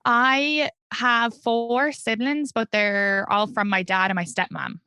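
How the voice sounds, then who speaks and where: Bright-voiced Irish woman in her thirties. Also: a little high, fairly even intonation, slow pace, smooth, no room sound, clean studio sound. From Ireland. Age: 30s. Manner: chatty, candid, laughs often. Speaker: comedian guest. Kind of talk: casual interview chat.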